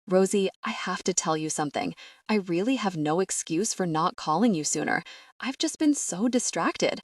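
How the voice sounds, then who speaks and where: A woman's voice: on the low side, expressive, moderate pace, no room sound, clean studio sound, far from the mic. A woman voicing a playful, teasing young heroine in a romance audiobook. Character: playful young woman, party clown, warm-hearted.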